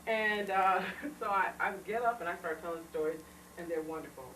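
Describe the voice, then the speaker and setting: A woman speaking to a small audience, telling anecdotes with feeling and frequent laughter. She sounds far from the mic in an echoey room. A steady background noise sits under her voice. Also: lowish voice, brisk. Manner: chatty, emotional storytelling, laughs often. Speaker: speaker on children's literature. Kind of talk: informal talk to a small audience. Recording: echoey room recorded from afar, noisy.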